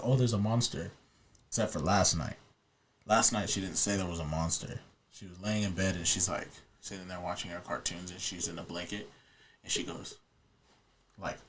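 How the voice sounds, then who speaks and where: Deep-voiced man telling a ghost story. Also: moderate pace, slight background noise. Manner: earnest, matter-of-fact storyteller. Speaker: podcast guest, paranormal investigator. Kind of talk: casual storytelling chat.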